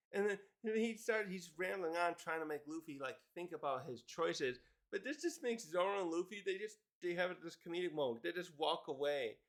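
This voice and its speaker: A man's voice: fairly high pitch, lively intonation, moderate pace, hardly any pauses, a bit bright. Rambling man recapping a comic. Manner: rambling, chuckling, many fillers. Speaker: manga reviewer. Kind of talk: casual chapter recap.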